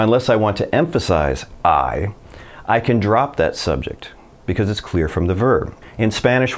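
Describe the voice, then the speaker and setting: Deep-voiced man teaching Spanish. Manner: relaxed, chatty explaining with slow model sentences. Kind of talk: casual video lesson.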